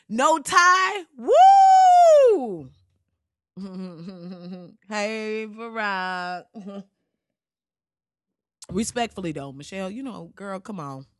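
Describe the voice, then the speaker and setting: A woman's voice: mid-range voice, fairly bright tone, no room sound, clean studio sound. A woman hosting a show, delivering a blunt, heated comedic rant full of swearing and slang.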